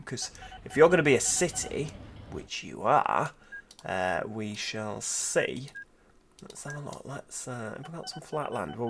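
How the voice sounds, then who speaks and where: A man's voice: mid-range voice, gravelly, fairly bright tone, slight background noise. A man giving casual let's-play commentary, thinking aloud and asking rhetorical tag questions. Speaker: gameplay commentator.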